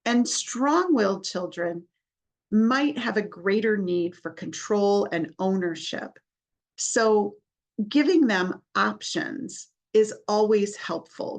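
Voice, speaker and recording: A woman's voice: medium pitch, lively intonation, takes it slowly, vocal fry. A woman hosting a podcast, earnestly explaining parenting strategies and often restarting her sentences. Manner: earnest, explanatory, with many restarts and acted examples. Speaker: therapist and podcast host. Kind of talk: podcast talk giving parenting advice.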